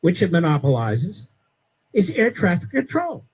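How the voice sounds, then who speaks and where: Radio host guy ranting emphatically, voice swings all over and jumps high. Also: very animated, normal speed, a crowd in the background, poor audio. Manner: emphatic, rising to sharp high-pitched outbursts. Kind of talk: political commentary monologue.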